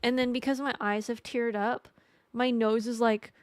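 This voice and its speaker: A woman's voice: a little high, moderate pace, smooth, no echo, studio quality. A young adult woman chatting casually with her live-stream audience, rambling and joking at her own expense. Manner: chatty, rambling, self-mocking.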